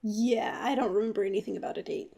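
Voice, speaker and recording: Female podcast co-host, gravelly fry, mellow low tone, short laid-back replies. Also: fast talker. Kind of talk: casual chat.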